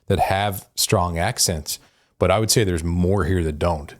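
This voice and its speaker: Deep-voiced man with a mild Newfoundland accent. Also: measured pace. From Newfoundland, Canada. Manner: relaxed, says "right?" and "you know" often. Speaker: podcast host. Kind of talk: casual interview chat.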